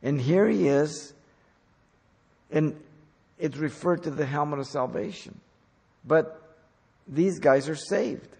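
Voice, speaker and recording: A husky-voiced man delivers a sermon at an unhurried, measured pace. He preaches with deliberate emphasis and leans hard into key words. His voice rings out with a long, lingering reverb. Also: a little high, a little mellow. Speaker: pastor.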